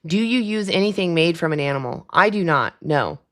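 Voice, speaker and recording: A young woman talking casually on her livestream, chatty and quick to laugh as she answers commenters. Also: lowish voice, animated, fairly bright tone. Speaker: livestream host. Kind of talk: casual live-stream chat.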